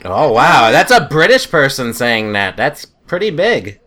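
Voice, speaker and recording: A man's voice: medium pitch, very animated, pushed and bright. An American man co-hosting a casual group podcast over a remote call, teasing and laughing often. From United States. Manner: joking, quick to tease and laugh. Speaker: podcast co-host.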